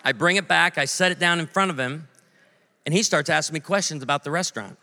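A man's voice: a little high, fast talker, sharp tone. A man in his forties preaching a sermon, telling stories with comic voices and asides to the audience. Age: 40s. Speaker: pastor. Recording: long hall reverb.

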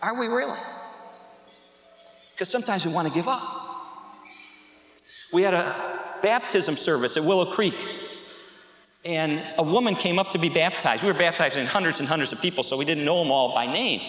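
A man preaching a sermon as a pastor, telling stories with animated energy and shouting at the peaks. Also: fairly high pitch, moderate pace, pauses often. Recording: echoey hall.

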